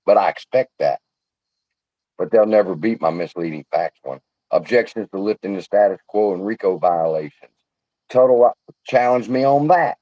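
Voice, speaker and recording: A man delivers a heated livestream rant, blunt and full of swearing. His pitch swings widely from low to high as he gets worked up. The sound is dry and close, with little room echo. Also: warm tone. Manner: blunt, profane, fired up. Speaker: livestream host.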